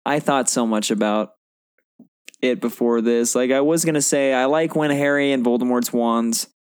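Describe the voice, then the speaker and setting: A man's voice: medium pitch, normal speed, smooth, no room sound, clean studio sound. A man co-hosting a casual movie podcast, rambling and hesitant as he searches for his thoughts. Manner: hesitant, rambling, lots of fillers. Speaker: podcast co-host.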